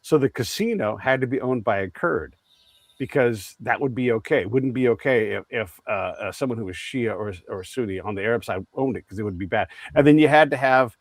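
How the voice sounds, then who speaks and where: A man hosts a conversational interview, wandering through anecdotes with frequent restarts. His voice sits at an ordinary pitch, and the recording is dry with almost no room sound. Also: a little fast, dry recording. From United States. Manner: rambling, storytelling with many restarts. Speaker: podcast host.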